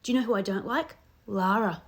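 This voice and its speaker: A woman's voice: mid-range voice, brisk. A woman hosting a casual reaction chat about a reality show, emphatic and opinionated, often repeating herself. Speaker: reaction channel host.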